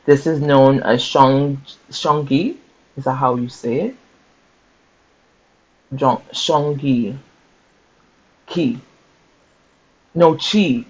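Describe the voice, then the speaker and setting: A man reads a story from a book in an easy, conversational way, often pausing to explain and checking in with "okay?" and "right?". His voice sits at a middling pitch. The recording is a little dull and lo-fi. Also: fairly even intonation. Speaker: book-sharing host. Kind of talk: reading aloud with casual commentary.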